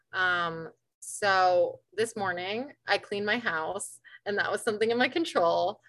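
A woman's voice: mid-range voice, fairly bright tone, no echo, low-quality recording. A woman giving an earnest personal share at an online support meeting, full of fillers. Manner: earnest, many fillers, breaks into tears near the end. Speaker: meeting speaker sharing. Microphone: video call.

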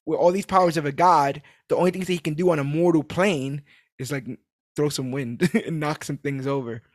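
A man's voice: fairly high pitch, brisk, no echo, studio quality. A man casually recapping a TV episode on a podcast, acting out the characters' lines and laughing as he goes. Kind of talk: casual chat.

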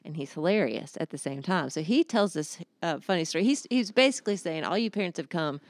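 A woman, co-hosting a casual faith discussion and telling stories with lively acted-out quotes. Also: fairly low pitch, fairly quick, no room sound. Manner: animated storyteller, acts out quotes. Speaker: podcast co-host.

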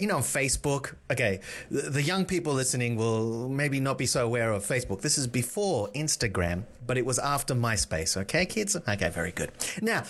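A middle-aged man co-hosts a comedy podcast in loose, casual chat. He mocks himself and swears freely. His voice sits slightly high and jumps around a lot. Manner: animated, sweary, self-mocking. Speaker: podcast co-host.

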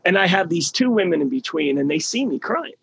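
A man's voice: high voice, lively intonation, fairly quick, vocal fry, a bit bright, breathy edge. A middle-aged man leading a healing program, giving a motivational talk with emphatic storytelling and words repeated for stress.

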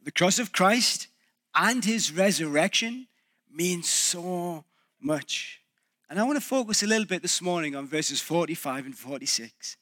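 A male pastor preaching a reflective sermon, pausing and restarting as he thinks aloud. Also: sits high, animated, sharp tone.

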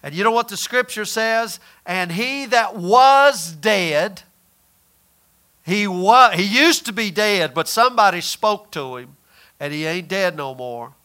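Preaching with a high, animated voice and a sharp tone, this man quizzes his audience and then supplies the answers himself. He stretches out some phrases in a slow drawl to drive his points home.

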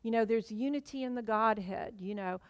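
Higher-voiced woman preaching. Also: moderate pace, smooth, dry recording. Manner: conversational, many fillers and restarts. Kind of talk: sermon.

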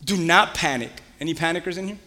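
Male pastor, bright high voice, lively call-and-response sermon, church hall echo. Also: quick pace. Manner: animated, conversational preaching with call-and-response questions.

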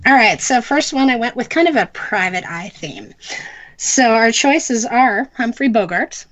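A woman co-hosting a film podcast, musing out loud in casual chat. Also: fairly high pitch, animated, measured pace, lo-fi sound. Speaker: podcast co-host.

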